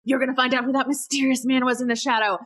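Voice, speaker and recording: A woman's voice: flat delivery, quick pace, a bit bright. A woman doing a dramatic movie-trailer narrator voice. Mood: suspenseful. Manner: booming, suspenseful, theatrical.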